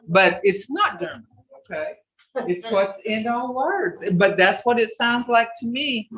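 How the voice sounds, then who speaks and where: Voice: mid-range voice, a little slow, fairly bright tone. A language teacher giving an online class, sounding out syllables one by one and often checking in with "okay?". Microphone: video call. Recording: roomy, dull video call audio.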